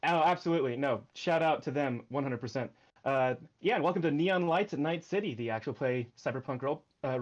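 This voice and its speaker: A man's voice: medium pitch, highs cut off. A man running a tabletop game stream as game master, recapping with a hesitant, filler-heavy delivery.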